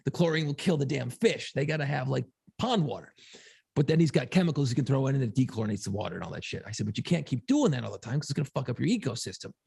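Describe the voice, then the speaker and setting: A man co-hosting a podcast, telling a long story in a casual, profane, animated way. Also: mid-range voice, very fast, creaky, breathy edge. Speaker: podcast co-host.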